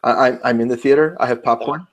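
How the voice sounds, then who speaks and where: Chatty New York podcast co-host. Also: male voice, mid-range voice, fairly even intonation, fast talker. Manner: chatty, rambling, self-interrupting. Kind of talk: casual round-table chat.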